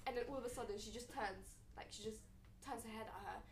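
A young woman telling a long story in casual chat, rambling and animated, with many fillers. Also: fairly high pitch, fast. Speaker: storyteller guest. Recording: echoey room, a little distant.

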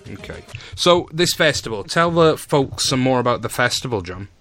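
Man, podcast host, bright voice, cheeky teasing banter, faint music behind. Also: mid-range voice, animated, normal speed. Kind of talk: casual podcast chat.

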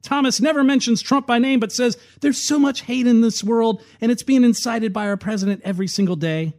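A man's voice: very high voice, a little fast, a little mellow. A man hosting a political commentary show, reading news reports aloud and adding sarcastic remarks. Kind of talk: commentary and read sponsor ad.

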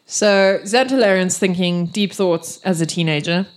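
A woman running a tabletop game as game master, narrating with laughter and quick side-character voices. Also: fairly low pitch.

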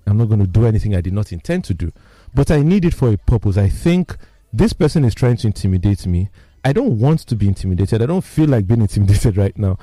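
Guy telling stories, super lively up and down delivery, dry mic, bit of music under. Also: on the low side, quick pace, no room sound. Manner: animated storyteller, lively and emphatic. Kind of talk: casual explanatory talk with personal stories.

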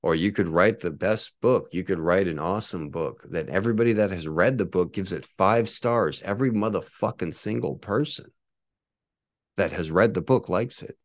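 A man's voice: sits low, moderate pace, no room sound, clean studio sound. A man in his forties hosting his own podcast, ranting in a profane, boastful and combative way. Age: 40s. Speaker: podcast host.

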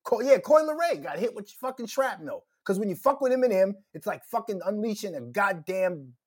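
A man's voice: sits high, very animated, moderate pace, slightly rough. A middle-aged man from Minnesota hosting a podcast, ranting casually with lots of profanity and heated outbursts. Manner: profane, heated, loud rants. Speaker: podcast host.

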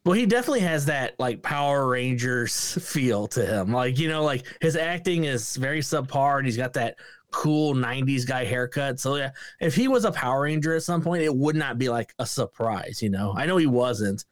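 A man co-hosts a laid-back movie review podcast, his mid-range voice moving at a moderate pace in clean studio sound with no room echo. He swears freely and is animated, mimicking lines in sudden bursts of put-on voices.

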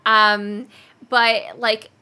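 A woman hosting a casual podcast chat, animated and chatty, with lots of likes and ums. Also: fairly high pitch, extremely slow, smooth. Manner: chatty and animated, many fillers. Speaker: podcast host.

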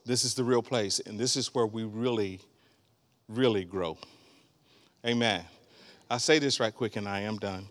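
A man in his sixties preaching a sermon as a guest, animated, breaking into laughter and shouts. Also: lowish voice, a little slow, long pauses.

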